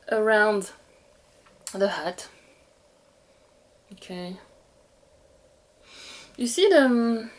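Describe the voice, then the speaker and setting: A young woman with a French accent, chatting casually and gushing as she unboxes dolls for her viewers. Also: medium pitch. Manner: gushing, giggly, talks to viewers. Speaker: doll collector vlogger.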